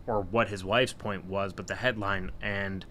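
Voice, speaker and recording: A man with a low but bright, forward voice talks through sports news in a casual podcast chat. He lays out his opinions at length and argues his points. A faint hiss of room noise sits behind him. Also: fairly even intonation, measured pace. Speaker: podcast co-host.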